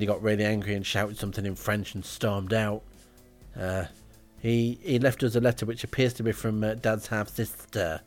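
A man with a dry, rambling manner, telling a comic audio diary at home as podcast host. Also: lowish voice. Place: indoors, front room at home.

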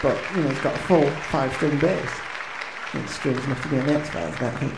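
A man's voice: mid-range voice, steady tone, a little fast, vocal fry, over music, crowd noise. A man doing awkward, self-deprecating stand-up patter as a band's frontman, hesitating with lots of ums and restarts. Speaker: comedic frontman of a band. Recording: echoey room with faint ambience.

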